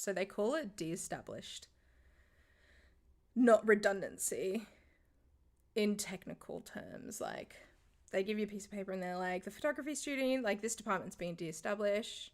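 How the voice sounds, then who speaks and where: A young woman tells a story on a casual livestream. She is animated, swears freely and laughs often, with a voice of middling pitch. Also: normal speed.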